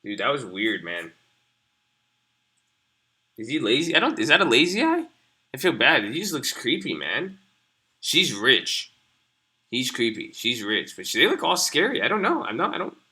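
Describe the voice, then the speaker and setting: A man's voice: mid-range voice, huge pitch swings, moderate pace, long pauses, pushed and bright. A young man hosting a live stream, rambling casually and profanely as he talks to his viewers. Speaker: stream host.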